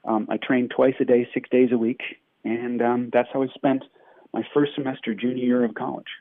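A man's voice: medium pitch, flat delivery, no room sound. Joking man on a tinny phone line. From New York. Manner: self-deprecating, joking, halting with many fillers. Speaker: actor guest. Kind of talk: casual interview chat.

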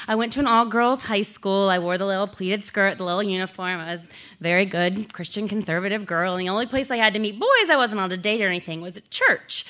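Young woman telling a story about herself, bright voice, kinda high, lots of ums and likes, pokes fun at herself. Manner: chatty, self-mocking, many ums and likes. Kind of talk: personal story told to an audience.

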